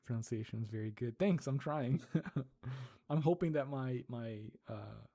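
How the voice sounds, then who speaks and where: A European livestream host and ASMR creator chats with viewers, laughs often, and answers the chat while sounding out Portuguese words aloud. His mid-range voice has a dark tone and a measured pace, captured at studio quality with no room sound.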